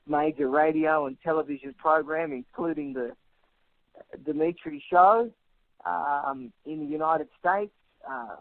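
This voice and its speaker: A man's voice: a little high, dry recording. An Australian man in his thirties, a guest in a radio interview, speaking confidently in punchy rhetorical contrasts. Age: 30s. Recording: tinny phone line, dry.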